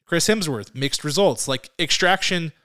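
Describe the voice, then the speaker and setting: A man's voice: fairly high pitch, lively intonation, measured pace, sharp tone, clear, resonant tone. A man co-hosting a casual film podcast, rambling, often laughing and searching for words. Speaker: podcast co-host.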